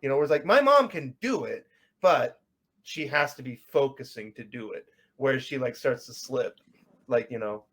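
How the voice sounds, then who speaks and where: A man's voice: mid-range voice, animated, normal speed, fairly bright tone. A young man from the United States, co-hosting a casual podcast chat and rambling with many fillers. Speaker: podcast co-host.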